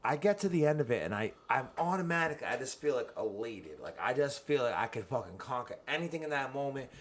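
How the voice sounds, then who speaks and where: A man's voice: medium pitch, brisk. Rowdy, profane male podcast host. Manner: loud, profane, rambling and excitable. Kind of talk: casual podcast banter.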